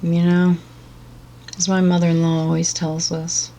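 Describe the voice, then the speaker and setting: A woman's voice: on the low side, little pitch movement, a little slow, long pauses, warm tone. A woman giving blunt, profane and sarcastic reaction commentary as a vlogger.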